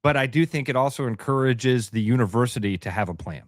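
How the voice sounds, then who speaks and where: A man's voice: medium pitch, expressive, fast talker, no echo, clean studio sound. A man co-hosting a sports radio show, bantering casually, laughing at his own jokes and repeating words. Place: radio studio.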